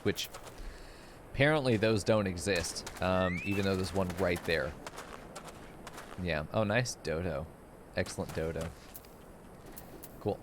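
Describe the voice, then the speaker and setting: A man's voice: fairly low pitch, a little hiss or hum. A man streaming a game, joking crudely and laughing often in casual commentary.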